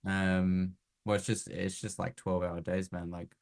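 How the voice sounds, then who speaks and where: A man's voice: low-pitched, flat delivery, unhurried, vocal fry, no echo. A man playing a tired prospect on a sales call, laid-back and blunt, with fillers and swearing. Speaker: roleplay prospect.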